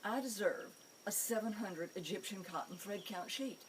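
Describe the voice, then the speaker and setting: A woman's voice: mid-range voice, normal speed, distant mic, a little hiss or hum, natural voice. A woman voicing a haughty deceased male cat who demands finer things, in an indignant, entitled manner.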